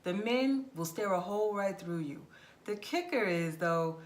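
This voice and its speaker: A woman talks straight to the camera as a travel vlogger. She is frank and direct, with an animated, conversational delivery. Her voice sits in an ordinary middle pitch. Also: unhurried. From United States. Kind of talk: casual advice monologue.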